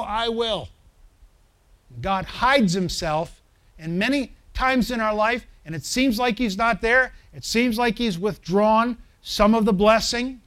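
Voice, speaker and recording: High-voiced preaching pastor. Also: male voice, a bit bright. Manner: preaching with emphatic swells and questions to the congregation. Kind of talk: sermon.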